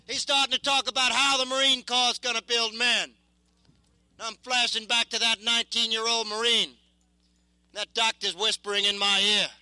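Casting: young male war veteran, very high bright voice, intense and halting, dry close sound. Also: smooth, no room sound, rough recording. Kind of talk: impassioned spoken testimony.

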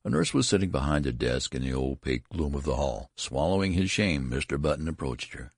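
A man narrating a story as an audiobook reading, with dramatic, expressive delivery. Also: a bass voice, fairly quick, few pauses, breathy edge, no room sound, clean studio sound.

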